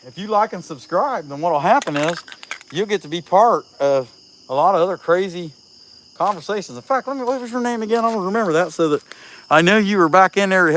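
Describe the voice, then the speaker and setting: A folksy man from Southeast Ohio talks with a country twang in a fairly high voice, joking and greeting viewers by name as he works outside. Crickets and insects buzz faintly behind him in the open air. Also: noisy background. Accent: Appalachian Ohio. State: out of breath. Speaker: chainsaw carver livestreaming. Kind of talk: casual livestream chat while working. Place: outdoors at a rural carving spot.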